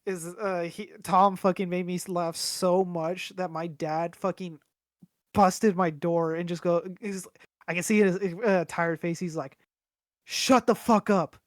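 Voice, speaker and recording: A young man swaps stories on a casual podcast in a rambling, filler-heavy way, swearing freely as he goes. His voice sits at a middle pitch and is recorded close and dry, with no room sound. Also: steady tone, measured pace, no room sound. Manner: rambling storyteller, swears a lot, many fillers. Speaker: podcast co-host. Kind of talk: casual chat.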